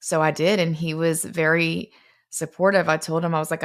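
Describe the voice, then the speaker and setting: A woman's voice: deep voice, level tone, moderate pace. Earnest woman telling her story. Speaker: fitness brand founder. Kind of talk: personal story vlog.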